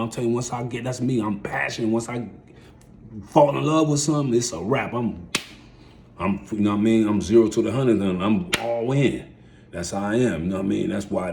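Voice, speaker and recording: A man in his forties telling his life story in a casual, rambling way, heavy on street slang, dropping to mumbles and then jumping up loud and excited. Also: lowish voice, a little hiss or hum. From United States.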